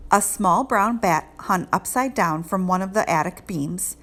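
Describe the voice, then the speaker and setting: Expressive woman reading a children's book aloud. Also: mid-range voice, unhurried. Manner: expressive, lilting storytelling. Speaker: read-aloud host. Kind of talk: children's storybook read-aloud.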